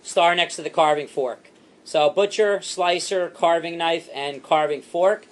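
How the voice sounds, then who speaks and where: A man training a sales team, animated and repetitive, acting out what to say to customers. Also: fairly high pitch. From Italian heritage. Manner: animated, fast and repetitive, acts out customer lines.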